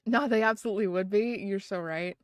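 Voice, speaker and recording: A woman chatting casually on a live stream from a close desk mic at home. Her voice sits at a middle pitch and sounds dry and close, with no room around it. She rambles happily with lots of "like" and "um" and breaks into frequent giggles. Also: fairly quick, no room sound.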